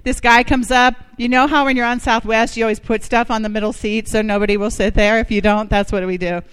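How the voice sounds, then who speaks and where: A woman's voice: fairly high pitch, level tone, a little fast, fairly bright tone, clear, resonant tone. A woman from Ohio, the guest speaker at a faith gathering, telling candid stories about herself and leading a short prayer. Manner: candid, self-deprecating storytelling.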